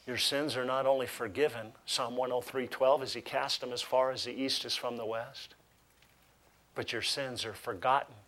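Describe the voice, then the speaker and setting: Male pastor delivering a lively sermon; reads scripture with emphasis, jokes with the audience. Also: mid-range voice, moderate pace. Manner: animated preaching with humorous asides.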